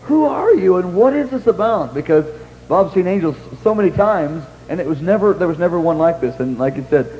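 A man's voice: high-pitched, lively intonation, fairly quick, a little mellow. A man retelling a shared story, quoting others and prompting his partner to go on. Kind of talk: conversational retelling. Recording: long hall reverb with faint hum.

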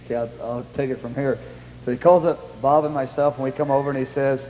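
A man's voice: mid-range voice, fairly even intonation, quick pace, warm tone. A man retelling a shared story, quoting others and prompting his partner to go on. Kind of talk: conversational retelling. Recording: long hall reverb with faint hum.

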